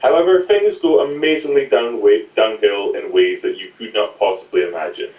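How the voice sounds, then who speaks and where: Brief: low-voiced male podcast co-host, giggly rambling storyteller, echoey room, set back from the mic. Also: moderate pace, a little mellow, lo-fi sound. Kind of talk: comedic storytelling chat. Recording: roomy, distant home mic.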